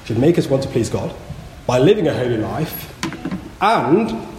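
A man preaching a sermon in a church, earnest and measured, leaning hard on key words. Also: medium pitch, big pitch swings, background noise. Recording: echoey hall with long reverb.

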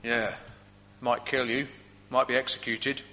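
A man's voice: medium pitch, little pitch movement, unhurried, sharp tone. A preacher playing a curious male Roman prison guard who chats eagerly, in a long hall reverb. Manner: eager, chatty questioning.

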